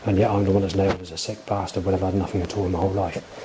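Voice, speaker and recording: A man's voice: low voice, little pitch movement, racing, noisy background. A man in his forties talking in an agitated, rambling monologue full of swearing, recorded outdoors. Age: 40s. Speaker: vlogger.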